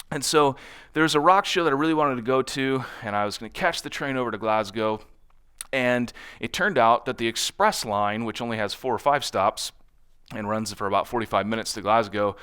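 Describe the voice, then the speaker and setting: On a conference stage, a man gives a loose, conversational talk, constantly checking in with the crowd by asking "right?" His smooth, resonant voice sits at an ordinary middle pitch with a fairly bright tone, and he slips into other people's voices when quoting them.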